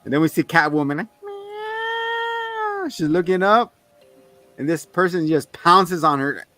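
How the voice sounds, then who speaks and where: A man co-hosting a casual movie-review chat, retelling scenes with lively, swearing banter. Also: on the high side, moderate pace. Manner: animated retelling of film scenes, frequent laughs and swearing. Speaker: podcast co-host.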